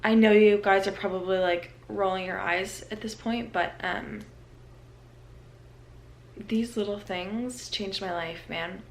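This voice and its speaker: A woman's voice: mid-range voice, steady tone, slow, slight background noise. A young woman vlogging casually from her apartment, chatty and self-aware, with many fillers. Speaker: lifestyle vlogger. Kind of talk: casual vlog chat.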